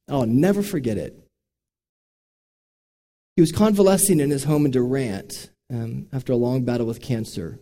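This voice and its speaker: A man's voice: on the high side, dark tone. A man preaching a sermon, telling stories in an earnest, direct way from a church sanctuary. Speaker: pastor. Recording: long reverb of a large hall.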